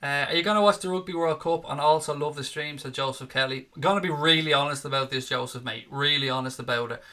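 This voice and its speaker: A man hosts a casual football fan chat show, reading viewer comments aloud. His voice is bright and sits a little high for a man. He is sarcastic and jokey, and he swears freely. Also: quick pace, few pauses.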